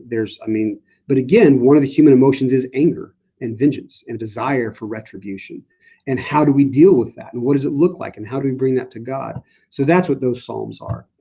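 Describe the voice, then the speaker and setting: A man's voice: medium pitch, creaky, warm tone, slightly rough. Man priest answering live chat. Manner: conversational, many fillers and restarts. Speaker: priest leading a Bible study. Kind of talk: livestream Bible study answering chat questions.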